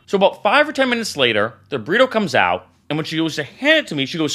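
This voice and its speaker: A man's voice: on the high side, fast. A young man telling a story in a casual vlog, acting out the dialogue as he goes. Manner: animated, acts out the dialogue. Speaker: vlogger.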